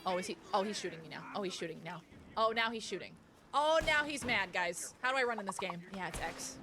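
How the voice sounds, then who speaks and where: A woman streaming a video game, reacting to it in excitable, profane casual chat. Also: mid-range voice, fast talker, noisy background. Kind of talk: casual live-stream chat while gaming.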